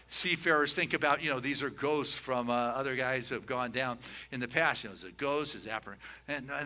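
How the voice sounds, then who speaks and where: Bright-voiced man preaching a chatty sermon. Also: mid-range voice. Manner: folksy storytelling with many "you know" asides; slows and rises on key points. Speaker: minister. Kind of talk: conversational sermon.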